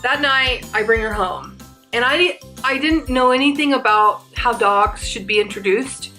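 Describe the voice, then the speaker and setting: Young woman vlogger, bright voice, rambly storytime chat, little bit of music underneath. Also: fairly high pitch, measured pace. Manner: chatty, rambling, often restarts mid-sentence. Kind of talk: casual storytime.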